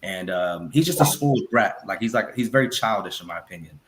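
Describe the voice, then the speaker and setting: Ranting caller, slangy. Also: male voice, low-pitched, lively intonation, fairly quick, a bit bright, a little hiss or hum. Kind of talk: casual chat.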